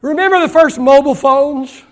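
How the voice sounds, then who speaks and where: With a very high-pitched voice, a middle-aged pastor preaches his sermon, moving from shouted emphasis to hushed asides. He slows down and lengthens key phrases to stress them.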